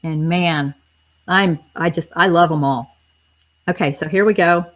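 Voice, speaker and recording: Woman hosting a livestream, slightly low and chatty, voice starting to crack. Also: measured pace. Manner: chatty, upbeat, talks to viewers directly. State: voice cracking and tiring. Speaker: host. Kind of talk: casual livestream chat.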